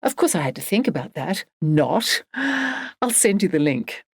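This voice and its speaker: A woman voicing an excitable young woman artist in a storybook, talking in a rushed, rambling way. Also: fairly low pitch, husky, no room sound, clean studio sound, heavily acted. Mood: chatty.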